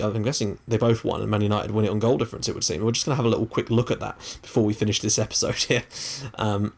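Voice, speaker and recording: A young man hosting a gaming channel, chatting casually and excitably over his game, with the odd swear. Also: lowish voice, quick pace, gravelly.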